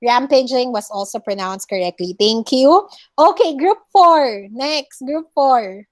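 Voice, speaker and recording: A woman's voice: high voice, lively intonation, measured pace. A Filipino woman teaching an online class, correcting her students' pronunciation word by word and repeating each correct form. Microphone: video call.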